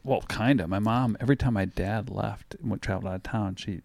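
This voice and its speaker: A middle-aged man telling a funny, spooky childhood story in casual chat, animated and laughing easily. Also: on the low side, a little fast, vocal fry, dry recording.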